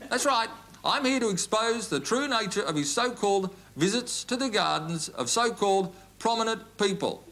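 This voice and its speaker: A man's voice: high voice, pushed and bright, full character voice. A man playing a pompous ranting TV host. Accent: Australian. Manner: pompous, indignant, repetitive ranting. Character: pompous self-righteous male TV current-affairs host. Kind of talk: sketch comedy parody monologue.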